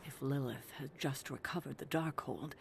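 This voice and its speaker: An actress playing a wise older mentor, speaking thoughtfully and with care for the hero. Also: female voice, rumbling low, normal speed, creaky, slight background noise. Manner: warm-hearted, thoughtful.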